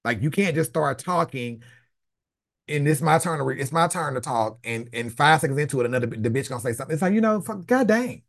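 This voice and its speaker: A man's voice: mid-range voice, fast talker, vocal fry. A man hosting a casual live chat with callers, telling stories bluntly, animatedly and with plenty of swearing. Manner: blunt, profane, animated storytelling. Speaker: host.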